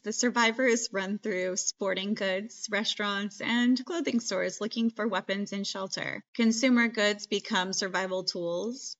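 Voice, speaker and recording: A woman's voice: mid-range voice, fairly bright tone. A woman hosting a podcast, recapping a movie in a chatty, joking way full of "like". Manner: chatty, filler-heavy, jokey. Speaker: podcast host. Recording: dull lo-fi podcast mic.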